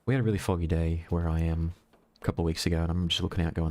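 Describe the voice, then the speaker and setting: A man's voice: low voice, steady tone, racing, a little mellow. A young man streaming a horror game, chatting casually with self-mocking jokes and asides. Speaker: VTuber streamer. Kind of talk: casual gameplay commentary.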